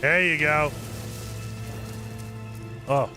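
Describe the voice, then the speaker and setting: A man's voice: on the high side, fairly even intonation, drawn-out words, over music. A man streaming a space survival game, chatting casually with his viewers and laughing often while he plays. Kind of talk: casual live game commentary.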